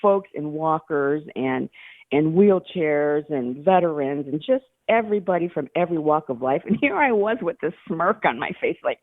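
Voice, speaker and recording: A woman's voice: low voice, lively intonation, normal speed, no room sound. A woman calling in to a radio show, telling her story with emotion and frequent laughter. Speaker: caller. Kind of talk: call-in radio chat. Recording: tinny phone line.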